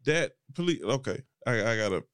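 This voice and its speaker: A man's voice: mid-range voice, sing-song, moderate pace, fairly bright tone, clear, resonant tone, dry recording, clean studio sound. Country-twanged South Carolina man host. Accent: rural South Carolina twang. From Johnston, South Carolina. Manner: enthusiastic, chatty. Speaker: podcast host. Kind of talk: conversational interview.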